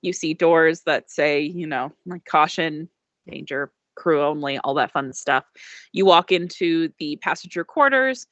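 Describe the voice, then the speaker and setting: A woman's voice: low-pitched, expressive, unhurried, a bit bright, dry recording. A young woman narrating as game master in a chatty, giggly way with many fillers.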